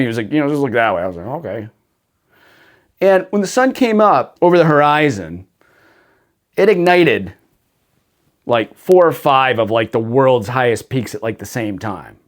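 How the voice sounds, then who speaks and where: A man hosting a faith talk show, telling a casual story in a relaxed way, with lots of "dude" and "like". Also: medium pitch. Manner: laid-back, full of "dude" and "like". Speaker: faith podcast host.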